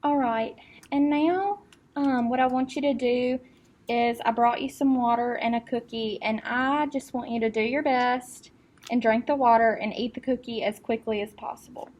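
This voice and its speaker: A woman acting as speech clinician, giving calm step-by-step test instructions with occasional fillers. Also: fairly high pitch, normal speed.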